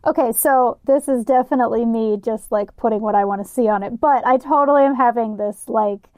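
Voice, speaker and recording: A woman hosting a podcast, chatting candidly and thinking out loud with plenty of "like"s and the odd swear. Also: a little high, a little fast, no echo. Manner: candid, profane, thinks aloud with many "like"s. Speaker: podcast host. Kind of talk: casual podcast chat.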